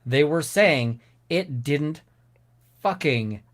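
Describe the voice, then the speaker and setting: A man's voice: on the high side, expressive, extremely slow. Ranting, swearing man. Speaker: co-host. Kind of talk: casual live-stream chat.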